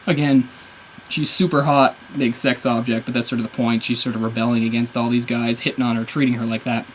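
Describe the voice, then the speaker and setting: A man's voice: mid-range voice, little pitch movement, brisk, a little hiss or hum, poor audio. A man reviewing a comic book on camera, rambling in an exasperated, sarcastic way. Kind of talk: casual video review.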